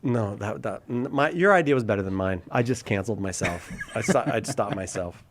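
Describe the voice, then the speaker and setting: A man's voice: on the low side, lively intonation, fairly quick, a little hiss or hum. A man hosting a live call-in talk show, chatting casually and joking about himself while reacting to viewer comments. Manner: joking, self-deprecating, reads viewer comments. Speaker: radio show host.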